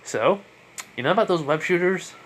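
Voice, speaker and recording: A man's voice: high-pitched, lively intonation, moderate pace, a bit bright, a little hiss or hum, pitched above the performer's own voice, poor audio. A man voicing a female symbiote partner in a fan story, coaching in a matter-of-fact way. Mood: instructive.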